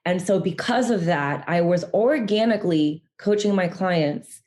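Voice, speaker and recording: A woman guest on a video-call interview, telling her story in an earnest, reflective way that sometimes slows right down. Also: lowish voice, a little mellow. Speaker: guest mindset coach.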